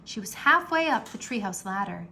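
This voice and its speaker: A woman reading a children's book aloud in a slow, animated storytelling manner, with a gravelly edge. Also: mid-range voice, heavy background noise. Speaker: read-aloud narrator.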